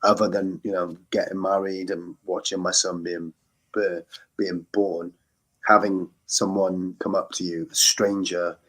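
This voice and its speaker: A man's voice: low voice, little pitch movement, a little slow, fairly bright tone. An English man in his thirties, a musician guest talking earnestly and rambling with many restarts in a casual podcast interview. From England. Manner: rambling, self-correcting, earnest.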